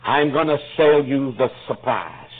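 A man voicing the biblical Joseph as a shrewd, commanding ruler, giving low, conspiratorial orders, in a tinny, lo-fi recording. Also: lively intonation, a little slow. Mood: scheming.

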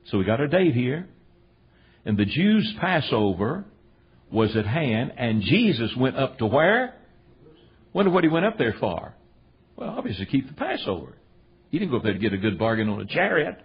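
A man's voice: medium pitch, very animated, moderate pace, breathy edge, lo-fi sound. A middle-aged man preaching a storytelling sermon, retelling stories in a folksy, emphatic way and teaching from the Bible.

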